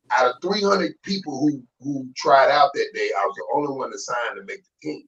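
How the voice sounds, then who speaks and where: A man in his fifties, a guest telling his own story in a relaxed, animated way, acting out what others said. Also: mid-range voice, fairly quick, hardly any pauses. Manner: animated, acts out quoted voices. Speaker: guest, former football player. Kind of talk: casual storytelling. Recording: distant, dull remote audio.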